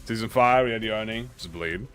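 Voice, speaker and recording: A man giving casual gameplay commentary, excitable and joking, swearing freely. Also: lowish voice, brisk, faint music behind. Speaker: gaming YouTuber.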